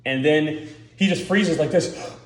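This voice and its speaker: A man's voice: a little high, unhurried, roomy sound. A man giving rambling, profane casual commentary, full of filler words, as the host.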